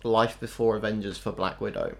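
A man's voice: fairly low pitch, a little fast, vocal fry. Incredulous, sweary man in a film chat. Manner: animated and incredulous, swears freely. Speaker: podcast co-host. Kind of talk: casual film review chat.

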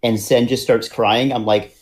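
A man's voice: medium pitch, fairly even intonation, unhurried, darkish tone. A man co-hosting a casual podcast, speaking earnestly and stretching out his phrases. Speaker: podcast co-host. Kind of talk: casual chat.

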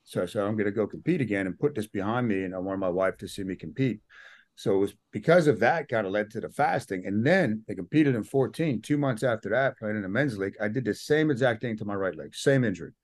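Man, middle-aged, low voice, dry close sound, casual interview storytelling, acts out quotes. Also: lively intonation, fast, dry recording. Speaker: podcast guest.

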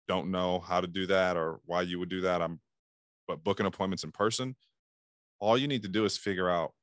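A sales trainer with a low-pitched voice gives casual sales coaching, talking animatedly and acting out phone calls in bursts. The studio recording is clean, with no echo.

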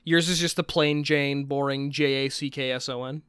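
A man's voice: mid-range voice, steady tone, normal speed, fairly bright tone, clean tone, no room sound, clean studio sound. A man co-hosting a casual podcast, rambling with many restarts and casual swearing. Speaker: podcast co-host. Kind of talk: casual chat.

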